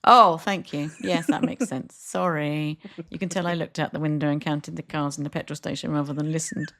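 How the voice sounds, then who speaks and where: A woman's voice: sits low, fairly even intonation, fairly quick, fairly bright tone. A woman co-hosting a podcast in casual chat, rambling and poking fun at herself. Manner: self-mocking, rambling, laughs often. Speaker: podcast co-host.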